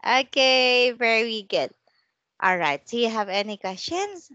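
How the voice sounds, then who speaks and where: Woman, online English teacher, slow encouraging delivery, bright tone, dry close sound. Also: fairly high pitch, big pitch swings, no echo, highs cut off. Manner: slow, encouraging, models words for repetition. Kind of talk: one-on-one online language lesson.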